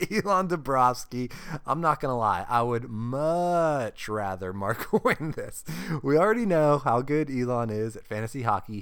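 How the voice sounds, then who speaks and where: A man's voice: medium pitch, a bit bright, smooth. A man hosting a solo sports podcast, upbeat and jokey, often laughing mid-sentence. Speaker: podcast host.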